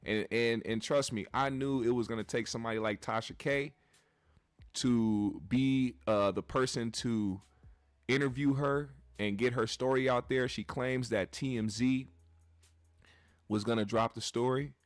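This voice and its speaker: A man's voice: medium pitch, steady tone, unhurried, dry recording. A man hosting a commentary show, talking bluntly and with plenty of profanity straight to his live chat audience.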